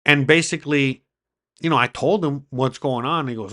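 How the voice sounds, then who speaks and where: A man's voice: mid-range voice, fairly even intonation, moderate pace, bright, forceful tone. A middle-aged man hosting his own podcast, talking straight to viewers in a heated, profane, rambling monologue. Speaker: podcast host; criminal attorney.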